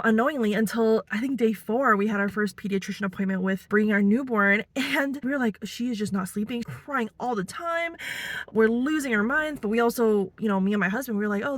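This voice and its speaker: A woman's voice: on the high side, dry recording. A young woman, a first-time mom, talking in a casual confessional vlog, chatty and full of "like" and "you know". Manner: chatty, lots of "like" and "you know", animated quoted voices. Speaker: vlogger and new mom.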